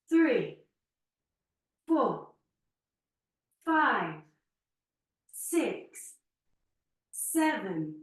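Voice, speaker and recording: A woman guides a Pilates class at an unhurried pace, calling out counts and quick encouragement while slightly out of breath. Her voice sits a bit high. She is heard from a distance in a strongly echoing room. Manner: counts reps aloud with short encouraging cues. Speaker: Pilates instructor. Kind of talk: guided workout instruction. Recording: very echoey room, speaker away from mic.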